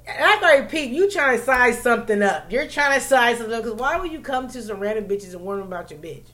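Woman telling a story, cussing a lot, gets real loud n animated, normal pitch. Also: fast talker, few pauses. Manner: animated, profane, swings into loud laughing bursts. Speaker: podcast co-host telling a story. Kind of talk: casual storytelling chat.

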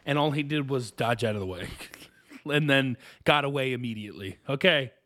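A man's voice: medium pitch, moderate pace, a bit bright. Man with wry, unsure asides. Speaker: podcast co-host. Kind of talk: casual chat.

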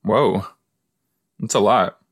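Male podcast host, low voice, unhurried, rambling casual commentary. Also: breathy edge, no echo, studio quality. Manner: rambling, chatty, talks to absent listeners. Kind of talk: casual watch-along commentary.

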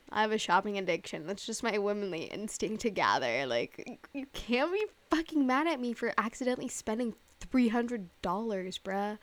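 A woman's voice: mid-range voice, a bit bright, no echo. A young woman hosting a casual solo podcast, rambling with lots of fillers, swearing and laughing at herself. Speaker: podcast host.

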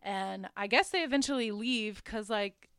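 Young woman, podcast host, smooth clear voice, dry close sound; chatty film recap, filler-heavy, amused. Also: mid-range voice, moderate pace, a bit bright, no room sound. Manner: chatty, lots of "like", laughs at her own asides. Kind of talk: casual movie recap.

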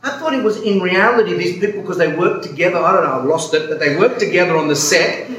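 Male priest, casual rambling talk, slightly high voice, echoey room. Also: expressive, fast, a crowd in the background. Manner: rambling, self-interrupting storytelling. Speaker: Orthodox priest giving a talk. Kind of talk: casual spoken talk with questions. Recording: roomy hall, background noise.

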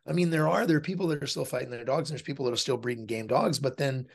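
A man's voice: mid-range voice, very fast, creaky. A man speaking as a podcast guest in a casual interview, blunt and profane, often acting out other people's voices as he explains his point. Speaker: podcast guest, fighter and dog trainer.

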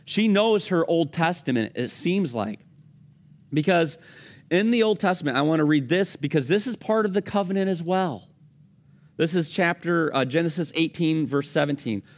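A man's voice: on the high side, expressive, normal speed. A man preaching a conversational sermon, acting out the lines of the people in his stories. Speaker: pastor.

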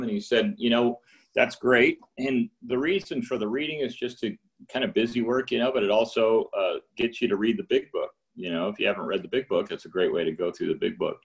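A middle-aged man with a lowish voice gives candid personal testimony at a recovery meeting. He rambles and restarts, and acts out phone calls in higher voices.

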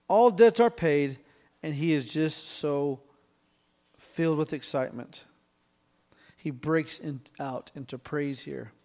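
Clearing his throat at times, a pastor delivers an expository sermon verse by verse. His voice is on the high side with a darkish tone, and he punctuates his points with quick "right?"s aimed at listeners.

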